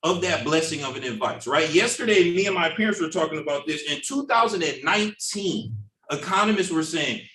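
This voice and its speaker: A man teaching an informal Bible study class in a lively way, acting out what other people say in put-on voices. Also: a little high, a little fast. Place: church classroom. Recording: echoey room, mic at a distance.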